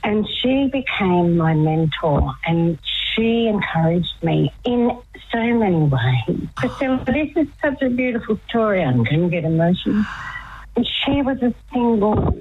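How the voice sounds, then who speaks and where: An older woman telling her story as a radio guest, animated and laughing often. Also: fairly low pitch, normal speed, narrow, tinny audio, a little hiss or hum. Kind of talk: casual phone-in chat.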